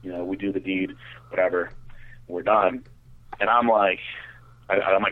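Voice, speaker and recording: A young man telling a crude story in casual podcast chat, animated, with stammering restarts. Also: low-pitched, normal speed, pauses often. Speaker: podcast co-host. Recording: tinny phone-like sound.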